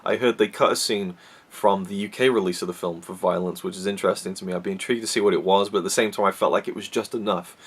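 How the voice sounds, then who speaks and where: Male film reviewer, low-pitched, chatty, self-correcting delivery. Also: fairly even intonation, fast, breathy edge. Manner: rambling, many restarts and fillers. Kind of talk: casual solo movie review.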